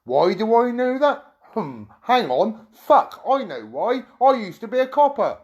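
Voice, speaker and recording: A middle-aged British YouTube streamer delivers an angry monologue to his viewers, agitated and swearing as he rambles through his story with quick asides to them. His voice is very high with big pitch swings, and the highs are cut off.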